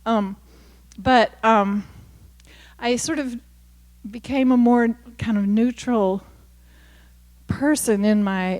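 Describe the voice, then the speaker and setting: A woman's voice: a little high, a little mellow. Kentucky woman in a reverberant hall. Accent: Appalachian Kentucky, softened toward neutral. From Kentucky, USA. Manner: candid, chatty, self-deprecating, with many fillers and restarts. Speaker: author giving a talk. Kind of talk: casual talk with audience questions. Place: university lecture hall.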